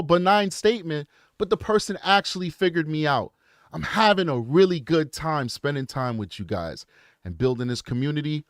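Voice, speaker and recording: Male true crime host, warm-hearted and animated, slightly high voice, dry close mic. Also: no echo. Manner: earnest, animated, laughs easily. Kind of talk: casual direct-to-camera talk.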